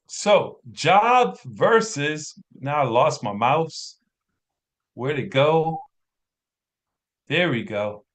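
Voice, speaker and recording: High-voiced, slow-talking man coaching. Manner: energetic, preachy, drawing on a screen while talking. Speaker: business coach. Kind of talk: motivational training talk.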